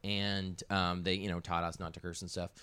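A man sharing childhood memories in casual chat, laughing often and clearing his throat. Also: low voice, level tone, moderate pace, sharp tone.

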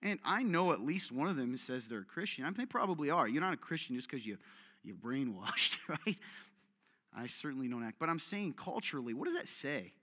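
Energetic bright-voiced male preacher in a reverberant hall. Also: fairly high pitch, brisk. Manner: energetic and direct, full of rhetorical questions and self-deprecating humor. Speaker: pastor. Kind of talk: sermon.

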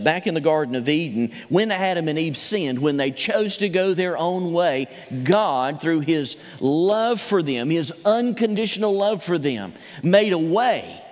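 A man preaching a sermon as pastor. He tells a story, then builds to emphatic preaching. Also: sits high. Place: church sanctuary. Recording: long hall reverb.

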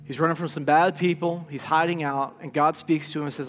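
A man preaching a sermon as a pastor, telling stories with lively energy and dropping to a hush for key points. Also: a little high, fairly quick. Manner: lively storytelling, plays out quoted voices. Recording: reverberant hall with faint music.

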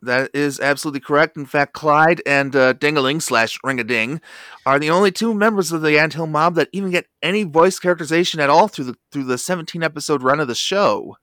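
Podcast guy listing off facts, kinda crisp and bright, dry mic. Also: fairly high pitch, quick pace, no echo. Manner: informative, lists facts and credits. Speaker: podcast co-host. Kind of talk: casual podcast chat.

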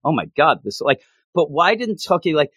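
Brief: lively male co-host, lots of laughter, pitch jumping around, dry mic. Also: normal speed, husky, no room sound. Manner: animated, laughs often, trails off and restarts. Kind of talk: casual chat.

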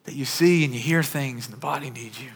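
A man's voice: medium pitch, a little fast, vocal fry, slightly rough. A man in his thirties preaching a sermon in a church auditorium. He tells a personal story in an earnest, conversational way. His voice sits in the middle of the range and carries a long echo from the hall. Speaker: pastor.

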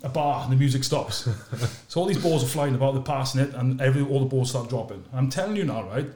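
A man spinning a rugby yarn at a fast, tumbling clip, his voice bouncing off the walls of an echoey room. He tells it in a lively way and falls to a low, quiet murmur for his asides. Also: a little hiss or hum. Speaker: podcast host and former sevens captain. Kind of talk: animated storytelling in a casual chat.

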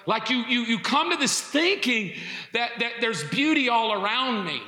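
A middle-aged man preaching a sermon, telling comic stories in an animated way and bursting into shouts. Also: very high voice, unhurried. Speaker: pastor. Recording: echoey hall.

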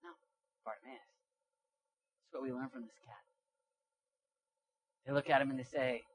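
A young man preaching a sermon and reading scripture aloud, emphatic and lively, dropping into casual slang and swinging from hushed asides to loud, punchy lines. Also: mid-range voice, moderate pace, pauses often, a little hiss or hum. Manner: animated, emphatic, shifts from quiet to loud.

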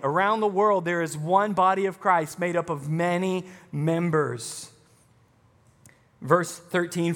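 A man's voice: high voice, fairly bright tone. A man preaching a sermon as pastor, emphatic, with punchy rising lines. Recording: long hall reverb.

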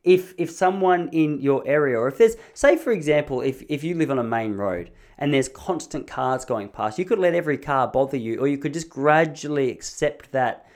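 A man's voice: on the high side, animated, normal speed, hardly any pauses, darkish tone. A man hosting a podcast from a home studio, telling rambling, self-mocking stories with lots of restarts. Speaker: podcast host. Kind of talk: casual comedic monologue.

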